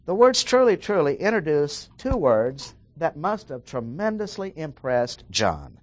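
A man preaching a verse-by-verse sermon, emphatic and slowing down to stress the key words. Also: medium pitch, sing-song.

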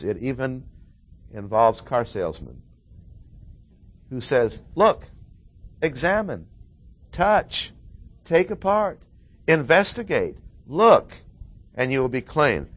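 A man's voice: medium pitch, fairly bright tone. A man preaching a sermon, explaining a Bible passage with emphatic repetition of key words.

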